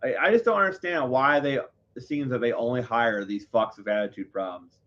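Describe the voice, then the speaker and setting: A man's voice: medium pitch, moderate pace, a bit bright. Male live-show host, heated and profane storyteller, rambling delivery, muffled lo-fi audio. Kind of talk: casual storytelling to viewers. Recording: dull lo-fi audio.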